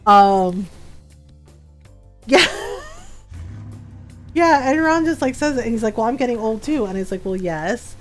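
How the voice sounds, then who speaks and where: A woman's voice: on the high side, expressive, measured pace, long pauses, faint music behind. Chatty woman in her forties, laughing often. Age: 40s. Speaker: streamer. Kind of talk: casual chat while gaming.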